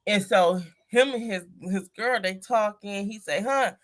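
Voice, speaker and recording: Animated storytelling mom on a livestream. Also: female voice, medium pitch, measured pace. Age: adult mother. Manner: animated storyteller, acts out voices in stories. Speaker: livestream co-host. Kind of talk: casual livestream chat.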